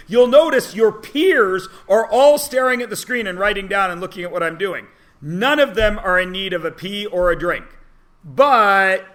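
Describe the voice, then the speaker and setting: A male teacher runs a math class, his high-pitched voice bright and forceful. Chatty and playful, he teases the students, poses rhetorical questions, and keeps firing off quick check-ins.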